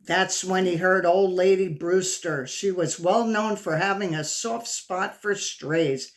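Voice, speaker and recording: A woman's voice: lowish voice, slow, hardly any pauses. A woman reading a picture book aloud to children, stopping to ask the kids questions. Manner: engaging, asks the kids questions. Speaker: storyteller.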